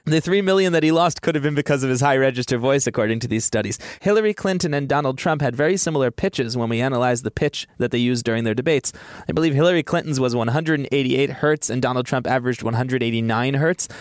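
A man's voice: mid-range voice, quick pace, dry recording, studio quality. A man who is a science editor, explaining research findings in a wry, informative conversational way.

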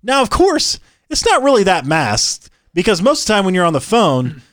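Animated man in political commentary. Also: high voice, normal speed, dry recording, studio quality. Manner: animated, incredulous, joking. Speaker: podcast co-host.

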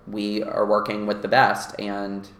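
Bright-toned Southern US man, roomy sound. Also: on the low side, completely flat delivery, a little slow. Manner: earnest, rambling with fillers. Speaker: magazine editor. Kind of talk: casual podcast chat.

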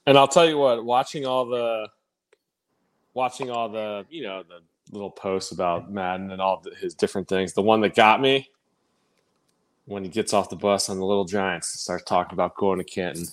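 Low-voiced man, folksy reflective chatter. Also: fairly even intonation, normal speed. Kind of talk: casual chat.

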